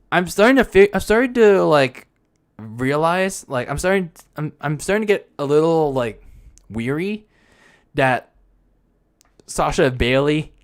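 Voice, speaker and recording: A young man hosting a wrestling podcast alone, talking casually in a frustrated, rambling way with many restarts and fillers. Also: a little high. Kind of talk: casual solo commentary.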